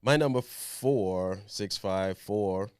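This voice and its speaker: A man's voice: on the low side, slow pace, clear, resonant tone, no room sound, studio quality. A man co-hosting a podcast in casual chat, mostly giving brief agreeable replies. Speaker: podcast co-host.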